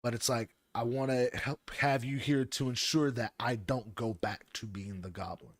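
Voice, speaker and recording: A man voicing a brooding, reformed older male comic villain in a low, hesitant mutter. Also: fairly even intonation, moderate pace, no echo, clean studio sound, close to an everyday voice. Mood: grudging.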